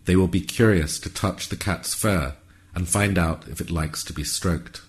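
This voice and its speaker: A man narrating a whimsical story in a calm, measured, wry way. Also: deep voice.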